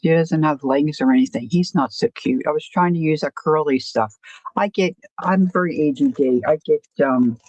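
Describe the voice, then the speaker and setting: A woman's voice: low-pitched, normal speed, darkish tone, no echo, dull audio. A woman hosting a casual crafting livestream, rambling and self-deprecating, often stopping to restart her sentences. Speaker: crafting channel host.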